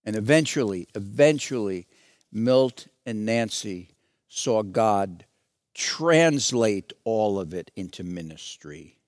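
A man preaching a sermon, telling a story dramatically and swinging from soft, low passages to loud, raised ones. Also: lively intonation, takes it slowly, no echo, studio quality. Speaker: pastor.

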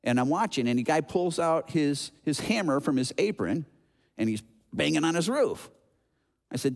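A man in his sixties from Chicago, preaching a sermon as an animated storyteller who acts out noises and voices. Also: fairly high pitch, normal speed, gravelly. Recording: long hall reverb.

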